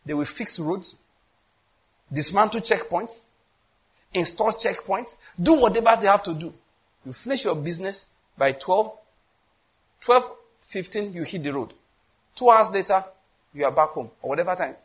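A Nigerian-accented man preaching, his voice pitched high for a man and a little husky. He tells stories in a loose, chatty way and slips into quoted dialogue. He keeps asking the listeners whether they get his point. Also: expressive, moderate pace, pauses often, a bit bright. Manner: storytelling with quoted dialogue, conversational. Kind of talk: sermon.

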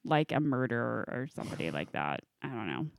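A woman's voice: rumbling low, very animated, fairly quick, creaky, no room sound, studio quality. A middle-aged woman chatting casually, telling a story with lots of swearing and acted-out voices. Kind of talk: casual chat.

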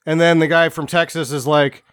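A man's voice: on the high side, flat delivery, a little fast, fairly bright tone, smooth, dry recording. Profane man riffing on a movie, dry sound. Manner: profane, emphatic commentary. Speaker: podcast co-host. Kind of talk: casual movie recap chat.

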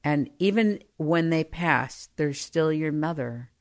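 A middle-aged woman telling personal stories, growing more animated as she goes. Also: low voice, slow pace. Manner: animated, grows livelier and louder as she tells anecdotes. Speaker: storyteller. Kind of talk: personal storytelling.

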